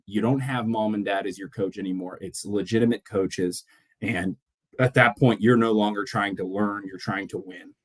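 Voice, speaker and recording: A man co-hosting a casual podcast, telling stories in an animated way and acting out the voices of people he quotes. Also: on the low side. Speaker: podcast co-host; mortgage loan officer. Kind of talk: casual chat.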